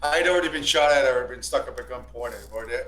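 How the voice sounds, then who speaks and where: Speaking very fast in a medium-pitched, fairly bright voice, a stream guest rambles through a long, profane story. It's casual storytelling full of repeats and restarts, captured in an echoey room with a faint hum.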